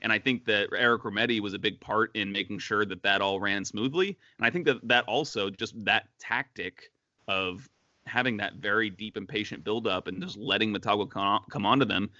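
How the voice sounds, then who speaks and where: A man's voice: lowish voice, a little fast, sharp tone, no room sound, muffled recording. A man co-hosting a casual sports podcast, chatty, with many fillers and restarts. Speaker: podcast co-host.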